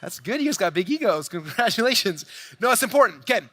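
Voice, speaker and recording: Energetic male convention keynote speaker in his 40s, rapid pitch-heavy delivery, high-pitched and punchy. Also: no echo. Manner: fast, hyped, addresses crowd directly, acts out quoted dialogue. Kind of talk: energetic stage presentation. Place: large convention hall stage.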